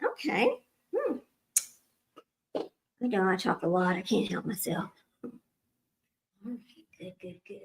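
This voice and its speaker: A woman's voice: mid-range voice, big pitch swings, measured pace, gravelly, pauses often, low-quality recording. A middle-aged woman hosting a casual trivia livestream, rambling and chatty, laughing often and talking straight to her viewers.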